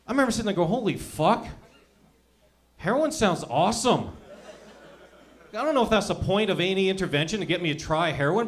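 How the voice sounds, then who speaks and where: A young man with a high-pitched voice performs a stand-up set. He rambles through profane, animated stories. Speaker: stand-up comedian.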